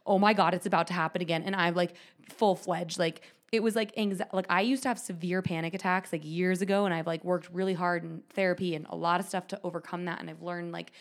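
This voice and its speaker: A woman in her thirties co-hosting a podcast, telling a story animatedly with lots of "like" fillers. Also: lowish voice. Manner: animated, quick, many "like" fillers. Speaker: podcast co-host. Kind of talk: casual storytelling chat.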